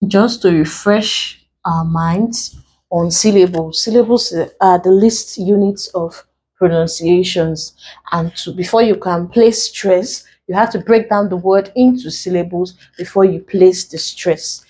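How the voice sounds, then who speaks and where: A woman's voice: fairly low pitch, darkish tone, husky. A woman teaching an exam-prep English lesson with a Nigerian accent, explaining rules step by step and spelling out letters. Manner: slow, deliberate, spells out letters. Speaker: English tutor.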